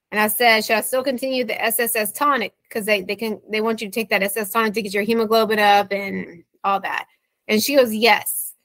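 A woman's voice: medium pitch, a bit bright, no room sound. A woman in her thirties, a guest recounting a bad experience, quoting messages back and forth with a wry, exasperated manner. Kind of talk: interview storytelling.

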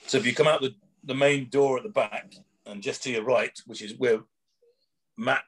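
A man's voice: mid-range voice, steady tone, normal speed, breathy edge. A man, a former prison officer, telling rambling anecdotes in casual chat, acting out quoted dialogue with chuckles.

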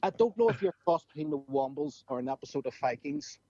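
A man's voice: medium pitch, expressive, fast, mellow, slightly rough, dry recording, dull audio. A man with a Northern Irish accent, a guest on a casual podcast, trading cheeky jokes with the hosts. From Northern Ireland. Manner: cheeky, joking banter.

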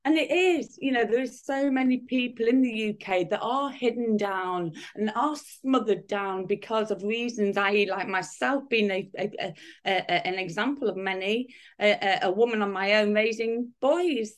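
A woman's voice: mid-range voice, normal speed. A woman in her fifties, a guest in a casual interview, talking in rambling sentences full of restarts and fillers. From United Kingdom. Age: 50s.

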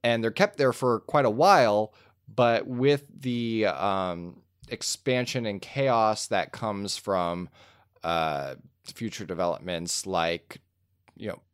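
A man's voice: on the low side, smooth, no room sound, clean studio sound. A man chatting casually about movies, rambling through a fan theory with lots of fillers. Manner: rambling, animated storytelling with fillers. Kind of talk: casual film discussion.

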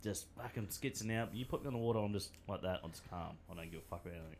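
A man's voice: low-pitched, rapid-fire, vocal fry, slight background noise. A man with an Australian accent hosting a podcast, spinning laid-back yarns in casual chat and swearing freely. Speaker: podcast host.

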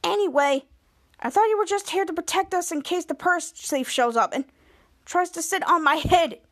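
A woman's voice: extremely high pitch, normal speed, voice pushed up. A woman doing a sarcastic teenage boy. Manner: sarcastic, exasperated.

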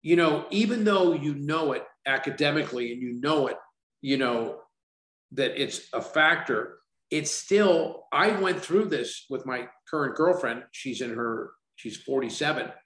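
A man's voice: mid-range voice, lively intonation, measured pace, a bit bright. Man in his 60s telling stories animatedly, acts out the quotes, kinda echoey room. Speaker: company founder. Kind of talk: casual interview talk.

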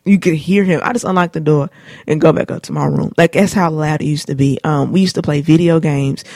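A woman in her late twenties talks through personal memories on her own show, loose and slangy, full of fillers. Her voice is dark and mellow with a gravelly edge. The sound is close and dry. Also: low voice, fairly even intonation, fairly quick, no echo. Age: late 20s. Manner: laid-back, rambling, slangy, many fillers. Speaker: show host. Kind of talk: casual personal storytelling. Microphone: studio mic.

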